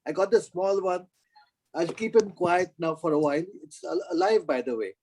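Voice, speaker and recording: Man, playful and halting, mellow tone, video call. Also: sits high, expressive, low-quality recording. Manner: playful, halting, many fillers. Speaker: book club member. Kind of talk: casual chat.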